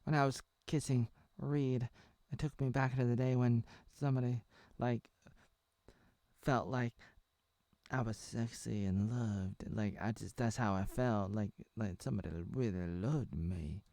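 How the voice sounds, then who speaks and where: A man voicing a wistful woman who speaks haltingly about feeling loved. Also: mid-range voice, fairly even intonation, creaky, warm tone, no room sound.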